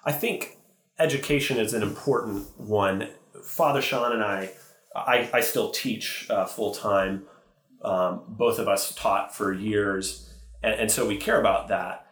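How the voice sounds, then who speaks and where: A male priest and teacher speaks earnestly and thoughtfully in a podcast interview, often correcting himself as he goes. His voice sits on the low side with a fairly bright tone and a measured pace, in a roomy, echoing recording.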